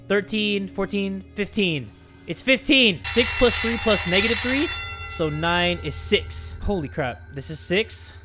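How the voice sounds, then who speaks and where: Excitable man yelling over a game. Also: high-pitched. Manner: excitable, swears, yelps and shouts when startled. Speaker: gaming YouTuber. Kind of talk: casual gameplay commentary. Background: game music.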